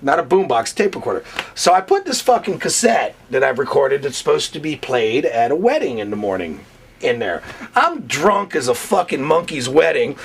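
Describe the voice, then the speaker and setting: A man telling profane stories in a casual interview, animated and full of curses. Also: fairly high pitch, gravelly, husky. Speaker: wrestling interview guest. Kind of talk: casual storytelling.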